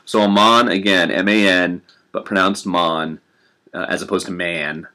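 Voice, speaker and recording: A man's voice: deep voice, steady tone, fairly quick, pushed and bright, a little hiss or hum. A young man chatting casually to camera in a rambling, self-deprecating way with many fillers. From United States. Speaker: vlogger living in Japan.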